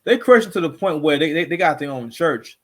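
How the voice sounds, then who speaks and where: A man's voice: a little high, lively intonation, a little fast. A man hosting a casual reaction commentary show, rambling and repeating himself with constant filler phrases.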